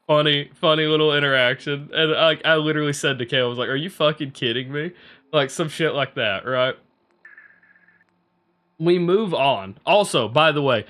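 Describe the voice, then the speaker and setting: A young adult man streaming, telling a story in casual chat with lots of swearing and frequent laughter. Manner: animated, swearing, laughing often, breaking into high laughs.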